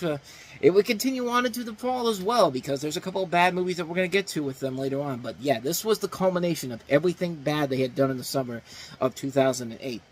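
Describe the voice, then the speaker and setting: A man's voice: fairly high pitch, a little hiss or hum, rough recording. A man hosting a movie review show, talking casually and rambling, with lots of fillers and restarts. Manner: rambling, many fillers and restarts, animated emphasis.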